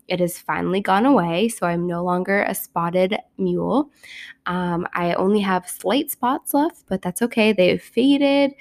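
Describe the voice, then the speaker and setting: A young adult woman hosting a casual solo podcast, hoarse and raspy from a cold, chatty and joking at her own expense. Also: lowish voice. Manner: chatty, self-mocking, upbeat. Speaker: podcast host.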